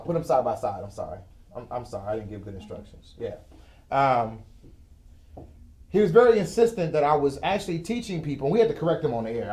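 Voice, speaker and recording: A man's voice: medium pitch, warm tone. Chatty man teaching in an echoey room. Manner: casual, joking, chatty teaching. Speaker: host and financial educator. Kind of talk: live-streamed finance lesson. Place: broadcast studio with a whiteboard.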